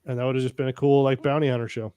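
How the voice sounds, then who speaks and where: A man's voice: medium pitch, little pitch movement, very fast, warm tone, clean tone, dry recording. A man co-hosting a pop culture podcast, talking in a laid-back, rambling way in casual chat. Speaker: podcast co-host.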